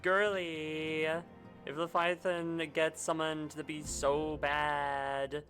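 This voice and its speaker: A man's voice: fairly high pitch, level tone, slow pace, fairly bright tone, faint music behind. A man streaming a video game, chatting jokily and profanely over the story. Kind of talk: casual gameplay commentary.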